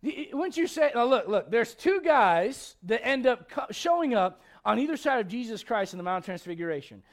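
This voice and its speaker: A man's voice: very high voice, big pitch swings, brisk, few pauses. A male pastor preaching a sermon in a conversational, emphatic way, acting out quotes with frequent restarts.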